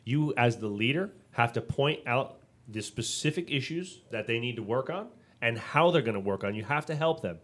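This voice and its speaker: A man co-hosts a casual business podcast, telling stories with energy in an ordinary mid-range pitch. He speaks at a moderate pace with few pauses, acting out quotes and stumbling through frequent restarts and fillers.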